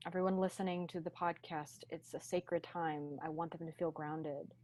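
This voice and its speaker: This is a woman guest on a podcast interview, talking over a video call. Her voice sits slightly low, and she speaks slowly and with intention. Her tone is reflective and teacherly. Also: fairly even intonation, darkish tone, slight background noise. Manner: slow, deliberate, grounded delivery.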